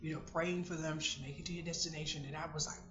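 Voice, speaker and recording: A woman vlogger telling a casual personal story in an animated way, breaking into exclamations and laughter. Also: deep voice, fast, music in the background. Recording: roomy, dull lo-fi sound.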